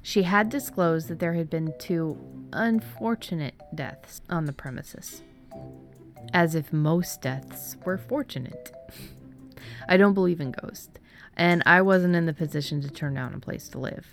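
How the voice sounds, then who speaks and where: A woman reading a first-person short story aloud, soft and dipping into whispers. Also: fairly low pitch. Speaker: narrator. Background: faint background music.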